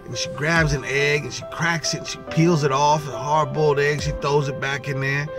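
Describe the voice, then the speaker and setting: High-voiced man telling a casual story. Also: normal speed, music in the background. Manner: casual, animated, repeats "right?".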